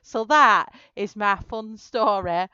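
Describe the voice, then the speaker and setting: Slow, giggly woman. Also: medium pitch, animated, pushed and bright, smooth, dry recording, dull audio. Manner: giggly storytelling, laughing through her words. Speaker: live-stream colouring host. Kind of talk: casual live-stream chat.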